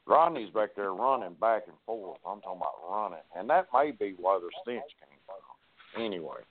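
A man, a wrestling guest telling profane, animated stories and acting out the dialogue. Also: fairly low pitch, moderate pace, no echo. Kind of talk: casual storytelling on a podcast. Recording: tinny phone-like line.

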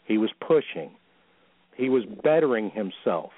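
A man's voice: on the low side, big pitch swings, measured pace, no echo. Male co-host, pompous mock-solemn letter reading, thin phone-line sound, dry. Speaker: podcast co-host. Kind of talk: dramatic open-letter reading. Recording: tinny phone-line call-in.

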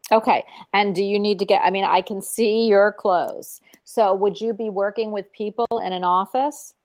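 An effusive woman hosts a call-in radio show and laughs easily as she chats. Her voice sits at an ordinary middle pitch. The sound is dry and close, with no room echo. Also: steady tone, moderate pace, a little mellow. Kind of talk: casual call-in show chat.

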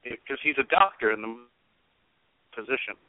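A man chatting casually about a film as podcast co-host, relaxed with filler words. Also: medium pitch, normal speed. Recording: tinny phone-like line.

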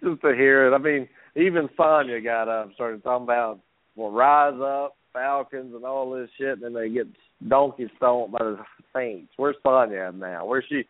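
A man hosts a casual sports talk show, ranting and laughing as he needles the local teams. His voice is mid-pitched and comes through a tinny, phone-like line with a dry, close sound. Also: normal speed, no echo. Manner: ranting, laughs between jabs. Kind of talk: casual sports radio rant. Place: lives in Atlanta.

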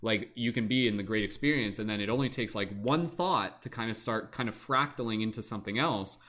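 A man's voice: fairly low pitch, a little fast, a bit bright. A man hosting a livestreamed talk show, speaking eagerly and at length, with lots of fillers. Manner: rambling, eager, many fillers. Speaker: podcast host. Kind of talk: excited casual talk.

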